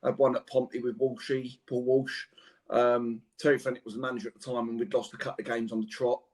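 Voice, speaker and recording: Husky man telling stories. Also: mid-range voice, fast. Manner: animated anecdotes, laughs through stories, slangy. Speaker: former professional footballer, podcast guest. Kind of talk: casual storytelling chat.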